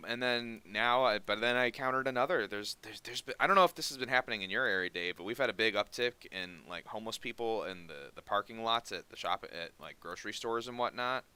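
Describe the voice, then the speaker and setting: A man hosts a casual podcast, telling a story in a loose, rambling way and often restarting mid-sentence. His voice sits a little low but sounds bright and crisp, with a smooth, clear tone. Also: fast, hardly any pauses. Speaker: podcast host.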